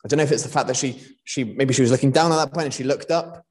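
A man's voice: medium pitch, rapid-fire, a little mellow. A young man from Wales preaching a sermon in a conversational way, with frequent fillers and restarts.

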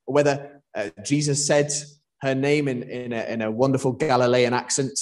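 A man's voice: mid-range voice, fairly even intonation, moderate pace, darkish tone, a little hiss or hum. A young man from Wales preaching a sermon in a conversational way, with frequent fillers and restarts.

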